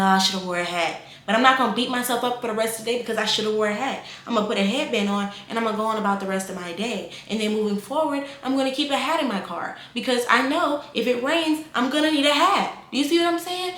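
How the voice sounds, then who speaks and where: A woman in her twenties giving casual life advice, animated and repeating phrases for emphasis. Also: fairly high pitch, roomy sound. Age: 20s.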